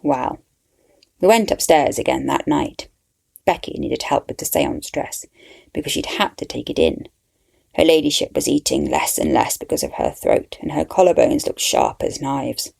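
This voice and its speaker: A woman's voice: deep voice, very animated, normal speed, gravelly, a little mellow, slightly rough. A woman narrating a story in the first person with a wry, dry manner.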